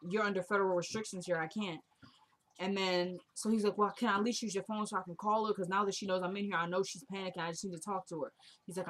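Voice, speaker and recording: A woman's voice: lowish voice, a bit bright. A woman casually recapping a TV drama episode, retelling the scenes and quoting the characters in a chatty, opinionated way.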